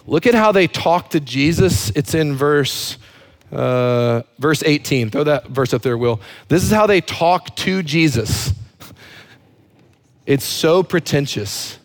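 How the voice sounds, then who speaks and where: A man preaching a sermon as a pastor, emphatic and fond of repeating words for effect. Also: a little high.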